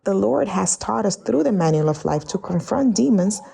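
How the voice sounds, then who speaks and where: A middle-aged woman preaching a sermon, acting out the voices of the people she quotes in a high, excited tone. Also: moderate pace, creaky.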